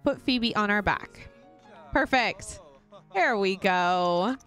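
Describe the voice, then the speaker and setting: A woman's voice: mid-range voice, expressive, slow pace, a bit bright, faint music behind. A young woman casually commentating her life-sim gameplay, gushing and giggling often. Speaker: gaming channel host. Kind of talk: casual let's play commentary.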